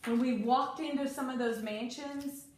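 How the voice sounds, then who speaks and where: Woman, reading tutor, brisk, corrective, fairly high voice, very echoey room. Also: steady tone, a little mellow. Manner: brisk, corrective teacher prompting a child. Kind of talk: one-on-one reading lesson. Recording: echoey room with faint noise.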